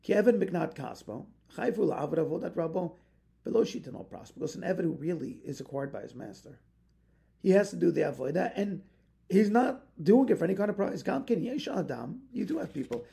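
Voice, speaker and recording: A man's voice: high voice, animated, brisk, vocal fry, mellow. A man, a rabbi, teaching a Torah lesson with passion, weaving Hebrew phrases into his English and building to emphatic peaks.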